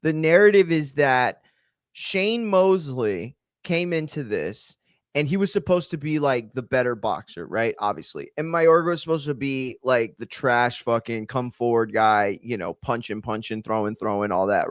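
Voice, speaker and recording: Male host, casual swearing reaction commentary, lively swooping pitch, dry close recording. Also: normal speed, clear, resonant tone, no room sound. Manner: animated, profane, rambling with restarts.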